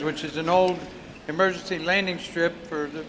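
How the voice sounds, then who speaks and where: A man's voice: a little high, fairly even intonation, normal speed, a bit bright, a little hiss or hum, rough recording. An older man telling a rambling anecdote on a festival stage. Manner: rambling storyteller, frequent "uh"s. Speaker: guest storyteller. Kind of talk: casual anecdote.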